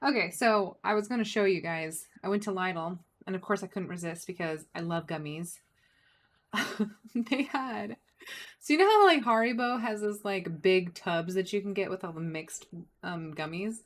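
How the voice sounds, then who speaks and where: A woman's voice: fairly low pitch, moderate pace. A woman streaming a game, chatting casually and asking herself rhetorical questions. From United States. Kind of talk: casual livestream chat while gaming.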